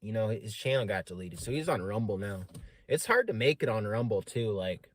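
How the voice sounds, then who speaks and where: A man's voice: lowish voice, very animated, fairly quick. A man casually telling a long story on a live stream, rambling with many fillers and frequent swearing.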